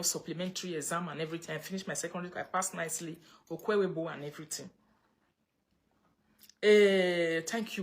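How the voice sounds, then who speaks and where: A Nigerian woman chatting casually on a livestream, reading viewer comments and mixing pidgin with English. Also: fairly low pitch. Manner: chatty, mixes pidgin and English, breaks into laughter. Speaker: livestream host.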